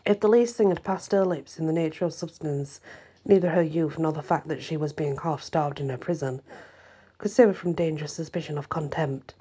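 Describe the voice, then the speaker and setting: A woman hosting her own channel, reading a historical novel aloud in a steady storytelling manner. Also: low-pitched, a little fast, husky. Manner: steady storytelling, voices quotes lightly. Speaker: channel host and reader.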